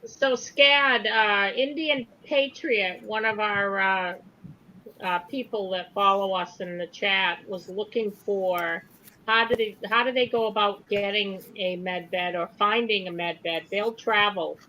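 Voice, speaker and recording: A woman's voice: medium pitch, steady tone, a little slow, pushed and bright, a little hiss or hum, low-quality recording. A woman chatting casually in a group video call, passing on questions from viewers.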